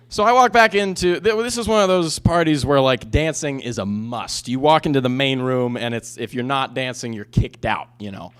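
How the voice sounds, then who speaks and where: A man's voice: mid-range voice, animated, normal speed, clear, resonant tone. A man in his twenties doing a stand-up comedy set, telling a rambling story with lots of restarts and asides. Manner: rambling, self-interrupting storytelling.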